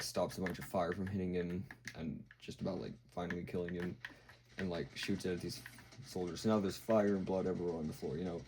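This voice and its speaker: Over slight background noise in a rough recording, a video host with a deep, mellow voice casually recaps a show. He rambles, piles on fillers, and acts out quotes.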